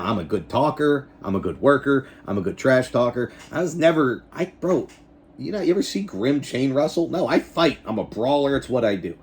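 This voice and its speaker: A man in his forties talks straight to camera in a casual vlog, rambling and swearing freely. His pitch swings widely as he gets worked up, and he keeps circling back to the same points with a hyped, excitable energy. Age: 40s. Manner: animated, rambling, profane, hyped. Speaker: YouTuber and backyard wrestling show host.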